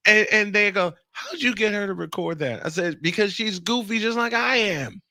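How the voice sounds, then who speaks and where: A man hosting a radio show, telling a funny story in casual chat, animated and laughing often. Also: high voice, no room sound, clean studio sound. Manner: animated, laughing, quick bursts of speech. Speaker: radio and podcast host.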